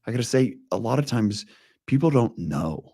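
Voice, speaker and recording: A man's voice: mid-range voice, expressive, normal speed, creaky, warm tone, dry recording, clean studio sound. A man in his forties, a leadership coach, talking earnestly and intensely in a casual interview, telling stories with frequent restarts.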